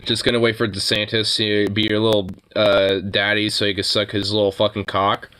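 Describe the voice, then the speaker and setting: A man's voice: lowish voice, completely flat delivery, fairly quick, sharp tone, a little hiss or hum. A man ranting casually about politics, profane and rambling, with lots of filler words. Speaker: podcast host.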